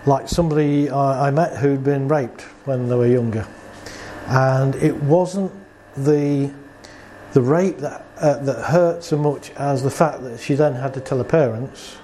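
A therapist speaks casually about his work in a medium-pitched, dark, unhurried voice. He tells client stories, acting out both sides of each exchange and throwing in rhetorical questions. There's slight background noise.

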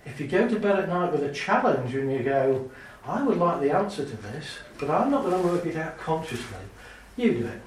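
A man giving a talk to a live audience, lively and chatty, laughing often and acting out little scenes. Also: fairly high pitch, brisk, hardly any pauses, distant mic, a little hiss or hum. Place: large hall with an audience. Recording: very echoey hall, speaker off mic.

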